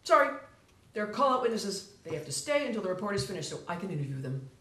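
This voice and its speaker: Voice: mid-range voice, sing-song, quick pace, sharp tone. A performer playing an exasperated, sarcastic bridge patrol officer who sighs and rants. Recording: echoey room.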